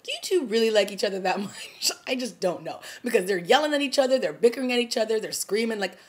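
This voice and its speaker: A young woman casually reviewing a TV episode as a vlogger, animated and chatty, often laughing and acting out lines from scenes. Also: fairly high pitch, fast.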